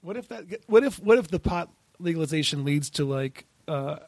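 A man guesting on a comedy podcast, trading quick, playful banter in casual chat. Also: on the high side, lively intonation, a little mellow, no room sound.

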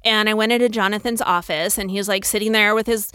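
A woman telling a personal story in a casual, animated way, acting out the dialogue and swearing freely. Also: medium pitch, fast, clean tone, no echo, studio quality.

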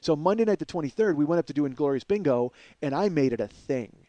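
A man telling a story as podcast host in an animated, profane, energetic way. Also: fairly high pitch, fast, dry recording.

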